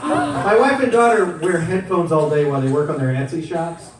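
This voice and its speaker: A middle-aged man, a voice actor on a convention panel, telling jokey stories in an animated way, recorded far off in an echoey hall with a crowd. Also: a little high, moderate pace.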